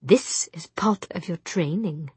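A woman's voice: on the low side, animated, takes it slowly, husky, no echo, exaggerated voice. A woman voicing an impatient, arrogant young man who speaks in a bored, spiteful tone.

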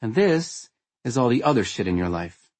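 A man voicing a witty young woman who lectures in a frank, lightly sarcastic way, with a husky tone. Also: mid-range voice, big pitch swings, normal speed, darkish tone, no room sound. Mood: explaining playfully. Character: witty teasing young woman, blunt and playful.

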